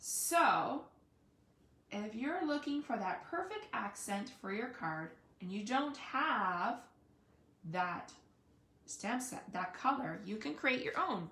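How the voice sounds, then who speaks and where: A woman's voice: a little high, very animated, slow, a bit bright. A woman giving a casual live card-making demonstration, chatting and thinking aloud with frequent fillers. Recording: echoey room.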